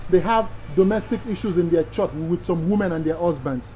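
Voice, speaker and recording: A man's voice: high voice, a little fast, dark tone, a little hiss or hum, poor audio. A man from Nigeria with a Nigerian accent, a pastor giving an emphatic teaching sermon to other pastors, repeating key phrases and asking rhetorical questions.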